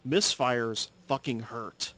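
A man's voice: mid-range voice, takes it slowly, fairly bright tone. A man casually telling a personal story on his own show, rambling and correcting himself as he goes, swearing for emphasis. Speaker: solo podcaster. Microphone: audio-only recording, no camera.

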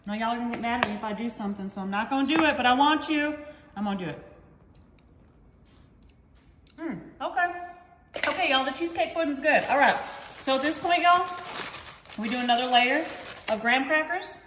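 A woman's voice: sits high, animated, brisk, long pauses. A woman hosting a casual cooking demo in a home kitchen, chatting to viewers and calling them y'all. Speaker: cooking channel host. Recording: echoey kitchen with faint noise.

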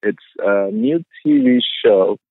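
A man telling stories as an actor guest in a casual interview, animated and profane, laughing often. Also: on the low side, slow, no echo, narrow, tinny audio.

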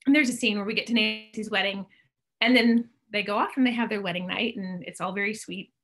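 A middle-aged woman, an author on a video call, telling lively stories and clearing her throat now and then from allergies. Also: medium pitch, a little fast. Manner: animated storyteller, clears throat often. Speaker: author guest. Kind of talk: casual chat.

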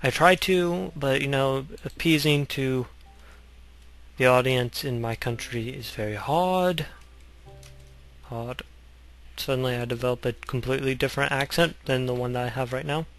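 A man's voice: medium pitch, moderate pace, a bit bright. A young man rambling through gameplay commentary, goofy and sarcastic, wandering off on joking tangents. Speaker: gaming channel host.

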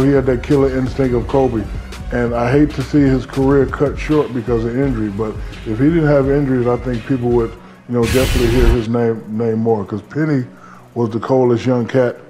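A laid-back former basketball pro, a man telling stories in an easygoing, rambling way, leaning on plenty of fillers and restarts. His voice sits at an ordinary middle pitch for a man, with faint music playing underneath. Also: mellow. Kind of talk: casual storytelling interview.

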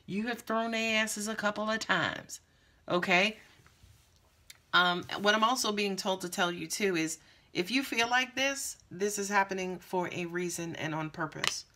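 A woman giving a live tarot reading in a blunt, profane, animated way, speaking. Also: medium pitch. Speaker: tarot reader.

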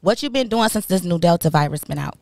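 A woman in her thirties co-hosting a podcast, talking bluntly and profanely with animated storytelling. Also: on the low side, fast, dry recording. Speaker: podcast co-host. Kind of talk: casual chat.

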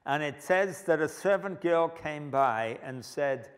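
A male preacher giving a sermon with animated, humorous storytelling. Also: fairly high pitch, unhurried. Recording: long hall reverb.

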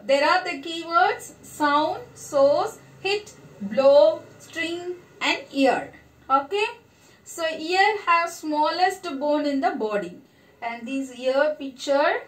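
Woman, primary teacher; high, slow, encouraging delivery for young kids. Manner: slow, encouraging, praising answers. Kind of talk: online lesson for young children.

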